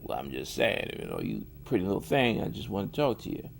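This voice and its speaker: A man voicing an obsessed, smooth-talking lunatic with pushy, wheedling come-ons. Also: low-pitched, huge pitch swings, brisk, a little hiss or hum, heavily acted.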